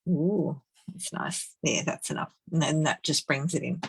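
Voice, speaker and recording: A woman's voice: low voice, a little slow, creaky, husky, no room sound, low-quality recording. A woman doing a live card-making demonstration, chatting and laughing as she works and murmuring to herself. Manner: chatty, giggly, murmurs to herself while working.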